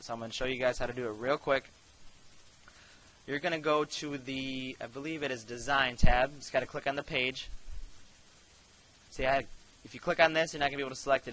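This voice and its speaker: A man of middle pitch with a bright, forceful tone, talking students through a screen tutorial step by step. He keeps it casual and direct, like a teacher at the front of the room. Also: fairly even intonation, quick pace, low-quality recording.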